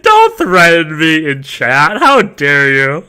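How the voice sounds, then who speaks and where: A man's voice: on the high side, huge pitch swings, slow, sharp tone, smooth. A man streaming a game live, joking, laughing and bantering with his chat.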